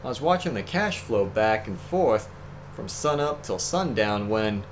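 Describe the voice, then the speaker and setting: A man voicing a greedy dead woman's ghost with a gruff, slangy mock gangster accent, talking brash and tough. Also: fairly low pitch, expressive, a little slow, a little hiss or hum, pitched below the performer's own voice.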